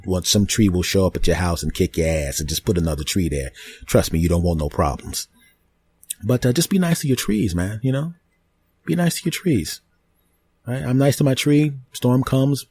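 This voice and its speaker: Low husky man rambling deadpan. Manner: deadpan, absurd, rambling with restarts. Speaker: comedy podcast host. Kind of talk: rambling comic monologue.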